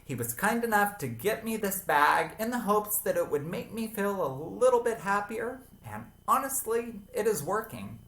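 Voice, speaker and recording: Lively, sassy man in an echoey room. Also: high voice. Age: 30s. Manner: expressive and sassy, with playful asides. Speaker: vlog host reviewing handbags. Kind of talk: chatty scripted vlog talk.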